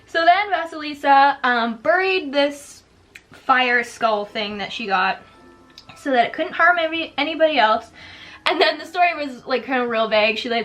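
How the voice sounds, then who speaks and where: Chatty high-voiced woman vlogger. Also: fairly bright tone. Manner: chatty, sarcastic, says "like" and "girl" often. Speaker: spooky lifestyle vlogger. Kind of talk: casual storytelling while doing makeup.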